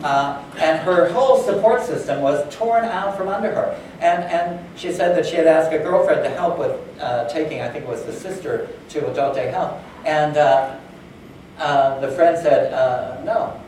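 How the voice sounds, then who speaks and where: A man's voice: a little high, normal speed, a little mellow, a little hiss or hum. A man giving a conversational conference talk, with plenty of fillers, who acts out the dialogue he quotes. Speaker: conference speaker. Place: conference hall. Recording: echoey hall, far from the mic.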